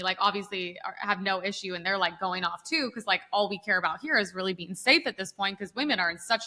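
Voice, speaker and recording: A young adult woman co-hosting a podcast, telling a story in an animated way and acting out the people she quotes. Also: mid-range voice. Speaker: podcast co-host. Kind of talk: casual storytelling chat.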